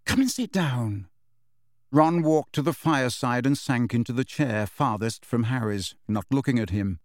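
Measured male audiobook narrator, dry sound. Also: medium pitch, no room sound. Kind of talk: scripted narration.

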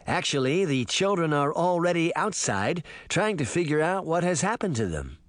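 Guy reading as a quiet creepy counselor villain, calm, menacing, dry close sound. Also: fairly high pitch, moderate pace, no room sound, voice pushed up. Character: smooth sinister male counselor villain.

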